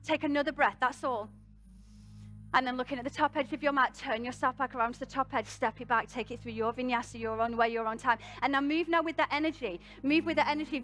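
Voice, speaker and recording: A woman's voice: high-pitched, steady tone, fast talker, a bit bright, soft background music. A woman leading a live yoga class. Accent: British. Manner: encouraging, laughs at herself, rousing. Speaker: yoga teacher. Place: live event venue, music playing.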